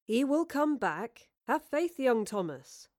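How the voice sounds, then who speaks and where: A woman voicing a calm, reassuring man who leads a troupe of actors. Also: on the high side, normal speed, natural voice. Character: calm, steady man leading a theatre troupe.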